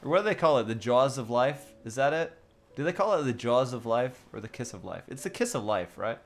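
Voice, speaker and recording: A man's voice: mid-range voice, animated, brisk. A young man streaming casually, joking with his chat and laughing often.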